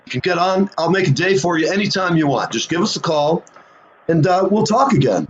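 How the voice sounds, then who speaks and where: Man, host, casual rambling anecdotes, lively intonation, muffled low-fidelity audio. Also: fairly quick, a little hiss or hum. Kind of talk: casual storytelling chat. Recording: lo-fi dull sound.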